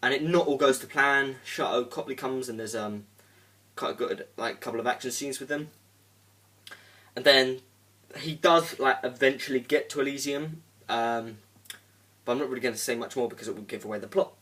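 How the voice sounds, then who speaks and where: A man's voice: medium pitch, normal speed, bright, forceful tone. Rambling young man reviewing films. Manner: rambling, full of "um" and "like", casual swearing. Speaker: movie reviewer. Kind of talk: casual spoken film review. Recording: voice a bit distant from the mic.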